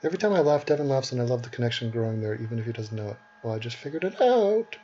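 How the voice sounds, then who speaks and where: A man's voice: mid-range voice, big pitch swings, rapid-fire, mellow, slight background noise. A man who is sick, hosting a casual chat in a blunt, scornful and profane way, laughing often. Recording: dull lo-fi audio.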